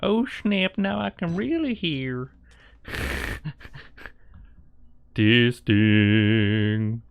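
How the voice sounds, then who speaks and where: A man's voice: medium pitch, extremely slow, creaky, clear, resonant tone, no room sound, lo-fi sound. A man streaming a horror game, joking playfully with his chat as he plays. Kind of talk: live gameplay commentary.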